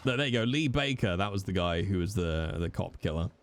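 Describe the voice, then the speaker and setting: A man's voice: deep voice, expressive, a little fast. A man, chatting casually with viewers on a live stream, jokey and teasing, with the odd swear.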